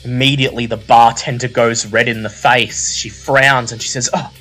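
A man narrating a horror tabletop game as game master, in unhurried, descriptive tones. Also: medium pitch, little pitch movement, bright, forceful tone, soft background music.

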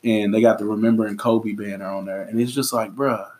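A man hosting a podcast in casual chat, talking in a relaxed, drawn-out way with many fillers and restarts. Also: on the low side, a little hiss or hum. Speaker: podcast host.

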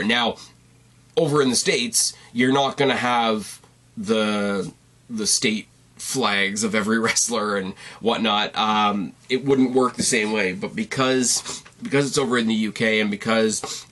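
A man's voice: medium pitch, unhurried, a bit bright. A man hosting a podcast, giving a casual, rambling recap with wry asides and self-corrections, sounding congested and tired. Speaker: podcast host reviewing wrestling. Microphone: on camera at a desk.

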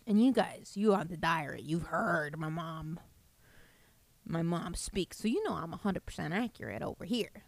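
A woman tells a comic story at a loose, rambling pace, swearing freely and leaning into animated asides. The recording is close and dry, with no room sound, and has the feel of a home podcast mic. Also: on the low side, normal speed, gravelly, no echo.

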